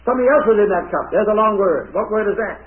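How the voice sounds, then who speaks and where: A man with a fairly high voice preaching an object-lesson sermon to children, emphatic and dramatic as he puts questions to the young listeners. The recording is thin and narrow, like an old recording heard over a telephone. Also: lively intonation, quick pace. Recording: tinny, phone-like old recording.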